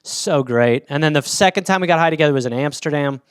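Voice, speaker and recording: A man's voice: on the high side, fast talker, smooth, no echo, studio quality. A man hosting a casual solo podcast, rambling through anecdotes with plenty of swearing. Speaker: podcast host.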